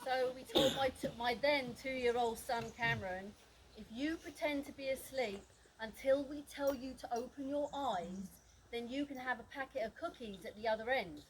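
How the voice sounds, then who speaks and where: With a crowd audible behind her, a woman whose voice sits on the high side reads a eulogy at normal speed at a memorial gathering. She tells fond stories about her friend and often bursts into laughter, against a noisy background.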